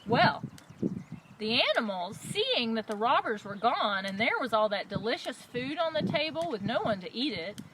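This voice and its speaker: A woman librarian reading a story aloud to children in a lively, expressive storytime voice. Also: fairly high pitch, moderate pace. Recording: loud background noise.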